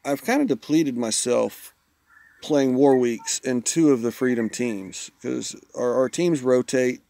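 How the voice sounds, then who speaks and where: A man's voice: medium pitch, measured pace, gravelly, mellow, dry recording. A man, chatting casually with viewers while streaming a mobile game. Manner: laid-back, chatty, self-teasing. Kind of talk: casual live-stream chat.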